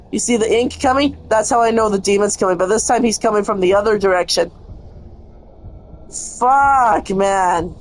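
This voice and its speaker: A woman's voice: mid-range voice, slight background noise. Cursing frustrated woman gamer. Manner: frustrated, cursing, talks to the game. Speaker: gaming streamer. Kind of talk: live gameplay commentary.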